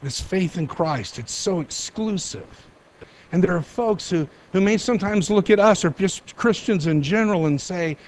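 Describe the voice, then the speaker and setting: A middle-aged male pastor delivering a sermon in a somewhat high voice. He preaches emphatically, drawing out key phrases slowly and rushing through asides. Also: lively intonation, darkish tone. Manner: emphatic, varies pace for emphasis.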